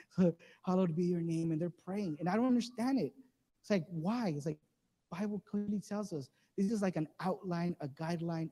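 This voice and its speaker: A man's voice: fairly high pitch, warm tone. A male pastor preaching a casual, joking sermon, laughing often and acting out the people he quotes. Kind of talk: conversational sermon. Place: church sanctuary. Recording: live service in a reverberant hall.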